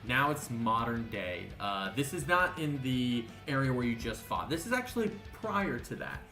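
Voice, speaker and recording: A man's voice: mid-range voice, big pitch swings, normal speed, pushed and bright. A man narrating as game master in a tabletop game, rambling with many fillers and restarts. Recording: echoey room with faint music.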